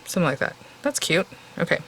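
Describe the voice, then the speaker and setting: A woman's voice: fast talker, fairly bright tone, slight background noise, poor audio. Chatty woman thinking aloud while crafting. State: voice getting tired. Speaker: card-making crafter. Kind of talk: casual crafting tutorial.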